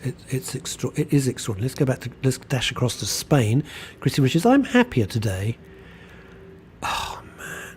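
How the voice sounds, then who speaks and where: A man's voice: medium pitch, wildly swooping pitch, moderate pace, slight background noise. A man hosting a radio show, chatting casually and reading out listener messages. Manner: chatty, warm, reads messages aloud and reacts.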